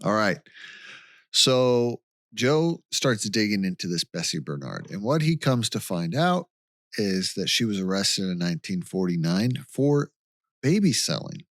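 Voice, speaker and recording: In this clean studio recording without echo, a man with a lowish voice talks at a steady, measured pace. As a podcast co-host, he chats casually, retelling a case from his notes like an easygoing story.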